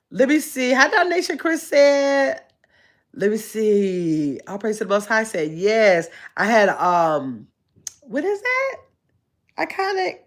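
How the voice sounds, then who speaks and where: A middle-aged woman with a slightly high voice hosts a relaxed livestream. She reads viewer comments aloud one by one and answers them in an easygoing, chatty way, pausing often to scan for the next one. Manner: chatty and easygoing, with frequent "let me see" pauses while reading. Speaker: channel host.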